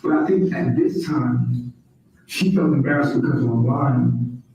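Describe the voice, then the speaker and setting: A man testifying as a witness in court, halting and rambling with frequent profanity, recorded far off in a courtroom. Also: medium pitch, creaky, warm tone, a little hiss or hum. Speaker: witness on the stand. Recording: echoey courtroom audio from far off.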